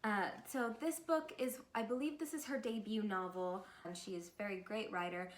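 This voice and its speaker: A woman's voice: mid-range voice, normal speed. A young woman vlogging about books in a chatty, upbeat way, with fillers. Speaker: book vlogger. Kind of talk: casual chat to camera.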